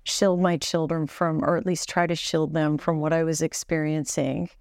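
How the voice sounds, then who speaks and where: A woman's voice: low-pitched, flat delivery, moderate pace, darkish tone, dry recording, clean studio sound. A woman hosting a podcast interview, asking reflective questions drawn from her own experience. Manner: reflective, shares personal experience. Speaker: podcast host.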